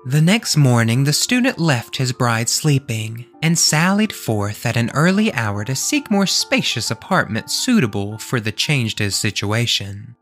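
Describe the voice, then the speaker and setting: A man hosting a podcast, reading a classic tale aloud in an expressive way. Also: medium pitch, a little slow, few pauses, faint music behind. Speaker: podcast host and storyteller.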